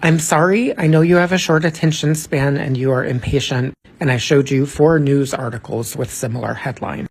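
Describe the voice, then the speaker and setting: A man with a husky voice giving an emphatic, insistent political commentary, repeating words for stress. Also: a little high, steady tone, normal speed, few pauses, rough recording. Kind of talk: explanatory commentary video.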